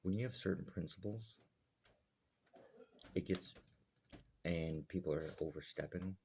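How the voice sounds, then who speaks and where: A man's voice: low voice, unhurried, warm tone, a little hiss or hum. A man from Alberta ranting bluntly and heatedly to camera, swearing often. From Alberta, Canada. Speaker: vlogger. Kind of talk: angry rant to camera.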